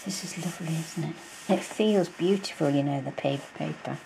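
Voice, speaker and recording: A woman's voice: low voice, a little fast, creaky, noisy background. A woman crafting vlogger in a casual show-and-tell, chatty and gushing, with many fillers, recorded on a camera mic at home.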